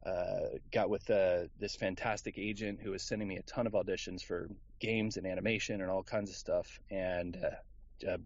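A man's voice: deep voice, steady tone, normal speed, lo-fi sound. A man from Houston, Texas, a voice actor guest in a casual interview, talking in an easygoing, rambling way with plenty of fillers.

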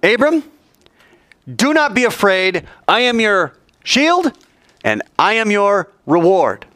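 A man voicing God, speaking in a slow, emphatic and reassuring way. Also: high voice, big pitch swings, bright, forceful tone, no room sound, clean studio sound, voice pushed up, heavily acted. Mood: solemn. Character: God, a reassuring almighty male voice.

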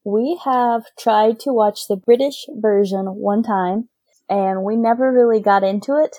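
A woman's voice: mid-range voice, a little slow, warm tone, no echo. Talkative, teasing woman guest, dry and close. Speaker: podcast guest. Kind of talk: casual podcast chat.

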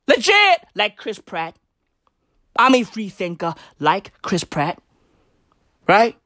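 A woman's voice: mid-range voice, very animated, takes it slowly, long pauses, fairly bright tone, no room sound, studio quality. A woman delivering a crude, rambling, profane comedic rant in slangy bro talk.

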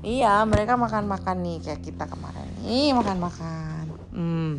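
A woman's voice: lowish voice, lively intonation, a little fast, creaky, noisy background. A mother at home reading a picture book aloud to her young child, stopping to chat and explain the story as she goes. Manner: switches between reading and chatting to the child.

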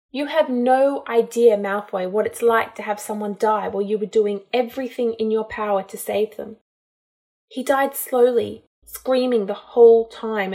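A woman reading a storybook, voicing a distraught young witch healer who talks in a halting, tearful way. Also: a little high, creaky, a little mellow.

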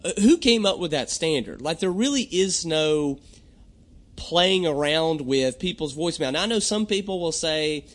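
Young guy rambling on his podcast, kinda high voice, keeps clearing his throat. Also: animated, moderate pace. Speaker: podcast host. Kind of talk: casual comedic monologue.

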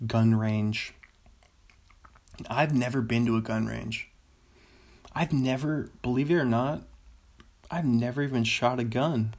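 A man's voice: mid-range voice, a little mellow. A young man casually chatting on his own while reading out movie listings, rambling with chuckling asides. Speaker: solo video host. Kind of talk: casual chat reading out a filmography.

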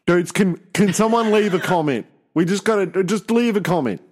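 Male co-host, a little high-pitched, keen and chatty, echoes his partner. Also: moderate pace. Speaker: podcast co-host. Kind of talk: casual chat.

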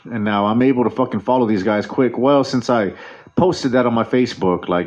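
A man's voice: mid-range voice, fairly quick, darkish tone. A man hosting a show in a casual, rambling monologue, swearing constantly and restarting his sentences. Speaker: radio show host. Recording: dull lo-fi recording.

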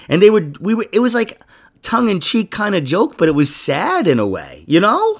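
A man's voice: sits high, huge pitch swings, normal speed, fairly bright tone. A young adult man hosting a podcast in casual chat, rambling and swearing, trailing off and laughing often. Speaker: podcast host.

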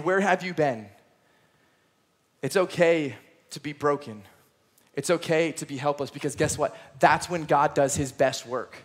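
A young man giving an earnest, conversational sermon as a youth pastor, with playful asides. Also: fairly high pitch. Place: church auditorium, service also streamed online.

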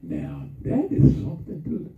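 A male preacher with a gravelly voice that swings up and down. His slow, drawn-out emphasis gives way to quick asides. The sound is thin and phone-like, and it echoes from far off in a big room. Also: on the high side, huge pitch swings. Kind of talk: sermon.

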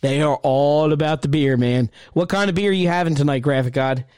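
A man hosting a casual gaming chat show, telling stories in an animated, rambling way. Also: fairly high pitch, brisk, smooth, no echo, studio quality. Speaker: show host.

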